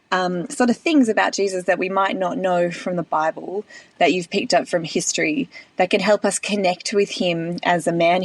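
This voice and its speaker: A woman's voice: lowish voice, no room sound, distant mic. A woman listener asking a question in an earnest, curious and slightly hesitant way. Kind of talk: recorded voice question.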